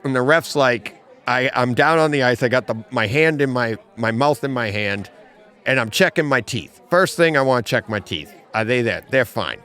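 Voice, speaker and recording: A man co-hosting a casual podcast chat in a comic book store, an animated storyteller who laughs at his own jokes. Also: medium pitch, moderate pace. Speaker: podcast co-host.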